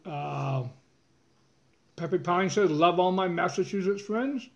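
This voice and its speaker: A man's voice: high voice, takes it slowly, creaky, a little hiss or hum. A man from Maine co-hosting a casual live-stream chat, talking in a laid-back, understated way with brief replies. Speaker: homesteader, co-host. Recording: dull lo-fi sound.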